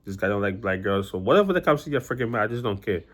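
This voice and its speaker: Fast-talking young man rambling on. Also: on the low side, expressive. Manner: rambling, many restarts and "you know" fillers. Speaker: vlogger. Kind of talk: casual personal storytelling to camera.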